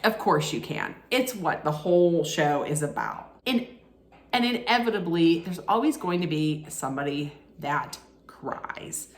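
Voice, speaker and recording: A woman's voice: low-pitched, sing-song, a little slow. A woman recapping a reality show in a casual, sarcastic way, laughing at her own jokes. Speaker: recap vlogger. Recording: echoey room.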